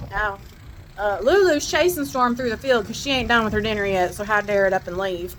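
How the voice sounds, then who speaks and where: A woman telling a ranch story in a casual vlog, animated and laughing, shouting out the quoted lines. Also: mid-range voice, brisk, a little hiss or hum, rough recording. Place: outdoors on a ranch.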